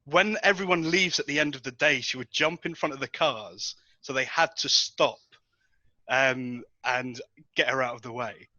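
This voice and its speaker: On a podcast, a regular tells a rambling anecdote full of ums and restarts, his mid-range voice moving at a moderate pace with a sharp tone. The sound is dull, lo-fi and dry, with no room sound.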